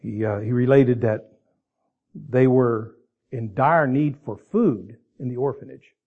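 A man's voice: mid-range voice, slow pace, gravelly, narrow, tinny audio. A man preaching a sermon in a conversational way, with asides and restarts, ending in prayer. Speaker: pastor.

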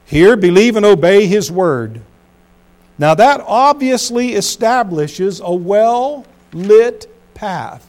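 This sermon comes from a middle-aged pastor whose voice sits fairly high and sounds expressive. Loud bursts of emphasis give way to quiet, hushed lines, and his tempo rises and falls as he presses each point.

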